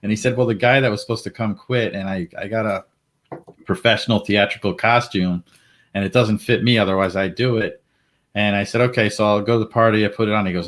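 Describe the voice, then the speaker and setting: A middle-aged man with a very low, deep voice, chatting casually on a panel. He tells his story in an animated way, laughing often and acting out the voices of others. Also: a little fast. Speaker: panel guest.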